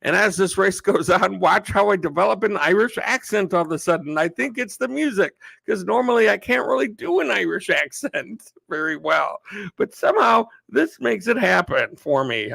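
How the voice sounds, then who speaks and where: A man casually chatting to viewers on a live stream, rambling in a relaxed way. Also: high-pitched, normal speed, vocal fry, dry recording, poor audio.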